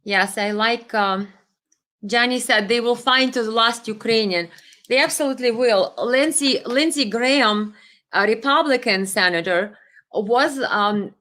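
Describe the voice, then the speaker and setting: A woman's voice: on the high side, a little slow, sharp tone. A woman hosting a live political commentary stream and reading viewer comments, talking in an impassioned, indignant way with frequent fillers and restarts. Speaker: livestream host.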